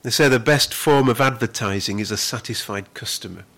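A man preaching a sermon as pastor, earnest, with frequent repeated words, who slows down to stress the scripture he reads. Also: mid-range voice, sharp tone.

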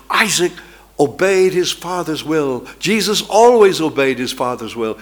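Male preacher, sermon; emphatic, dramatic storyteller with a slightly high voice. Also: lively intonation, unhurried.

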